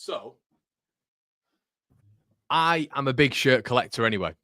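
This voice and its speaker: A man hosting a live football watchalong, chatting casually with viewers and calling them mate, with loud bursts of excitement when goals go in. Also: mid-range voice, a little slow, dry recording, studio quality. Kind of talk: live match reaction chat with viewers. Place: home room.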